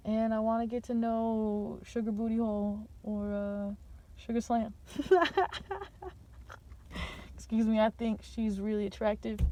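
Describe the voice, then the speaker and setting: Woman vlogger rambling to her viewers, kinda high voice, playful and slangy, goes from quiet to loud. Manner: meandering and playful, slangy, drifting between calm and loud. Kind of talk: rambling stream-of-consciousness monologue.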